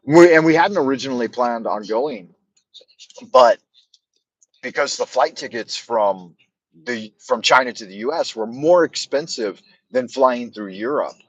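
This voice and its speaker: A man's voice: medium pitch, lively intonation, a little slow, breathy edge, no echo. A middle-aged man hosting a livestream, telling stories in a loose, rambling way, with lots of fillers, restarts and swearing. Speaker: livestream host. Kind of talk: casual rambling storytelling.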